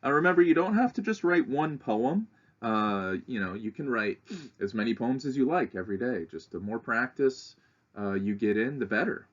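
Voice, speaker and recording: A male teacher explaining a lesson to children, talking them through it with frequent pauses and fillers. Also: mid-range voice, animated, lo-fi sound. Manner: unhurried, talks students through steps with frequent "uh".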